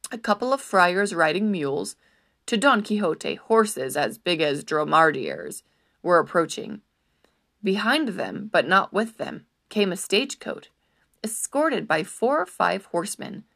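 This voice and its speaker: A woman narrating a storybook in an expressive, animated storytelling manner. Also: lowish voice, measured pace, vocal fry.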